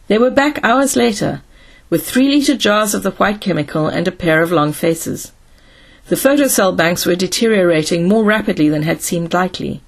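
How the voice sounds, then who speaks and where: Breathy woman narrating an audiobook. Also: fairly low pitch, expressive, normal speed.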